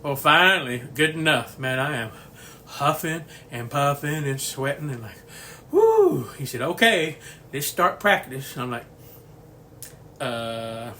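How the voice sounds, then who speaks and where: Older guy rambling folksy stories while he cooks, bright kinda highish voice, a little hum in the kitchen. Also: moderate pace. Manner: folksy rambling storyteller, chuckles often. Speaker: home cooking channel host. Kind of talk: casual cooking video chat. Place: home kitchen.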